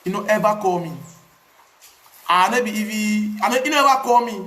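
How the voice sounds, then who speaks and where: A man with a Cameroonian Pidgin English accent tells his own story in a casual, animated way, repeating words for emphasis. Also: sits high, fairly quick, roomy sound. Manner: animated, repetitive, pidgin phrasing. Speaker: activist.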